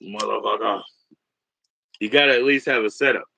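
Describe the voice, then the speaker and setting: A man in his forties hosting a livestream, rambling and swearing, jumping from loud bursts to mutters. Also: on the low side, normal speed, gravelly, breathy edge, no echo, poor audio. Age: 40s. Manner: rambling, profane, swings between loud and muttered. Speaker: livestream host. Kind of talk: casual livestream rant.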